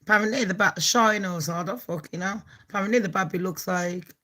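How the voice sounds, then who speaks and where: A woman's voice: medium pitch, a little fast, pushed and bright. An English woman with a Birmingham accent, hosting a gossip channel, talking in a brash, foul-mouthed way and laughing often. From England. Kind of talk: casual gossip vlog.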